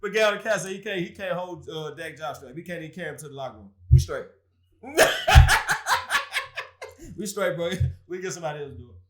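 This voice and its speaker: A man's voice: fairly high pitch, fast. A man hosting a casual sports talk show, trash-talking rival fans with frequent laughter.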